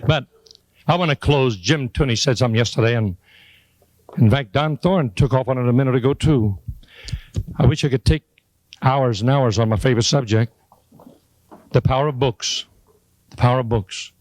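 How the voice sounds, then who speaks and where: A man's voice: normal speed, long pauses, no room sound. Older guy preaching about books to a crowd, homespun jokes, dry close mic. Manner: homespun, joking, swings to high excited peaks. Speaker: motivational speaker. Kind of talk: folksy motivational speech to a live audience.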